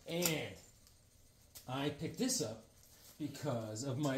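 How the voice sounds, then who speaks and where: A slightly rough, darkish voice at medium pitch moves slowly, with long pauses, as a man in his seventies shows off old comic books he's gathered. His haul-video talk is casual and enthusiastic, full of rambling and jokes.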